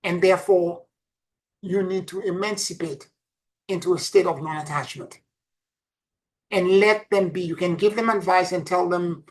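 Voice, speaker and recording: A woman giving a casual spiritual talk, telling stories earnestly and repeating her points, dropping to soft asides and rising to emphatic peaks. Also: on the low side, normal speed, long pauses, low-quality recording. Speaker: spiritual teacher.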